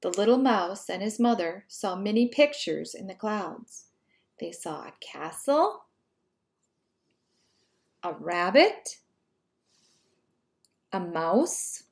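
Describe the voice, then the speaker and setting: A woman teacher reading a picture book aloud to young children in a slow, careful, friendly way. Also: mid-range voice, lively intonation, vocal fry.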